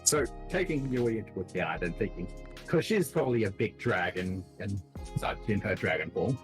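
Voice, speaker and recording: Animated man explaining as game master. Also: fairly low pitch, moderate pace, soft background music, low-quality recording. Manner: lively, explanatory. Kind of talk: casual chat explaining a game.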